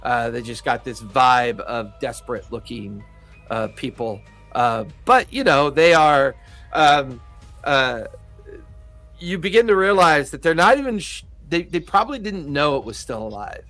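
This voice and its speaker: A man narrating a tabletop horror game as game master, slow and halting with fillers, over faint background music. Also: medium pitch, lively intonation, fairly bright tone, dry recording.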